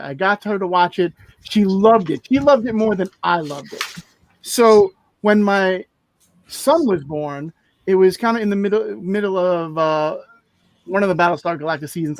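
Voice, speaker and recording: Guy on a podcast telling a story, lively, does the voices, dry close sound. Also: no room sound, low-quality recording. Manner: animated, acts out quotes with raised pitch. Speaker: podcast co-host. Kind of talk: casual storytelling.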